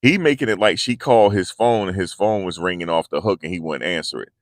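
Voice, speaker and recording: A man's voice: low voice, fast, dry recording, studio quality. A man hosting a casual commentary video, talking in a loose, slangy, repetitive way. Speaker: commentary channel host.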